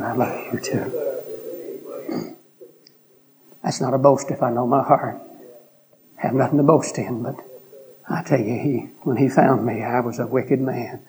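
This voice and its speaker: A man, preaching a sermon with an earnest, pleading delivery and a hoarse throat. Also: mid-range voice, mellow. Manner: earnest, pleading, drawn-out pauses.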